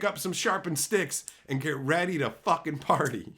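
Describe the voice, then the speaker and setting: This thirties-aged Canadian streamer talks casually at a normal pace with hardly any pauses, his voice a bit bright. He curses freely, laughs a lot, and jumps into squeaky high voices for quotes.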